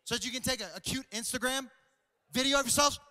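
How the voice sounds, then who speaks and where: A young adult man preaching a comedic sermon, animated and joking, often repeating words. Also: extremely high pitch, fast talker. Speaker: pastor. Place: large church auditorium. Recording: reverberant church hall.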